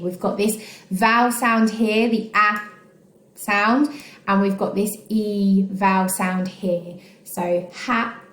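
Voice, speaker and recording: A woman's voice: mid-range voice, a bit bright. An English woman teaching a recorded phonics lesson to children, patient and encouraging, with many ums and okays. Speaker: primary school teacher. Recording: echoey room.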